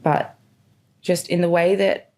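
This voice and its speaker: Young woman, low gravelly voice, candid rambling storytelling, lots of fillers. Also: little pitch movement, slow pace, dark tone. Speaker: podcast host. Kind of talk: personal storytelling monologue.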